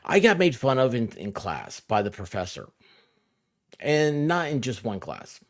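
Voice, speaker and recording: A woman lawyer joining as a guest, talking in quick animated bursts and poking fun at herself. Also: a bass voice, no echo. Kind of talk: casual chat.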